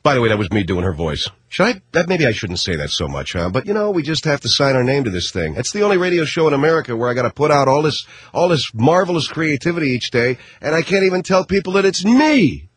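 Wry, husky male radio host. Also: a little high, sing-song, quick pace, few pauses, no echo. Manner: wry and chatty, full of fillers. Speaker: radio talk show host. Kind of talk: comic talk radio hosting. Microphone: studio microphone.

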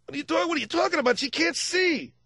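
A man doing a loud Italian-American tough guy. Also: very high-pitched, lively intonation, fast, dry recording, pitched above the performer's own voice, exaggerated voice. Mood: excitable. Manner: starts soft then gets loud and pushy.

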